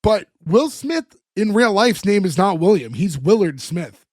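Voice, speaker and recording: A man's voice: sits high, very animated, unhurried, no room sound, studio quality. A man co-hosting a podcast, casually retelling a sitcom episode scene by scene with fillers and small chuckles. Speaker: podcast co-host. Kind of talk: casual chat recapping an episode.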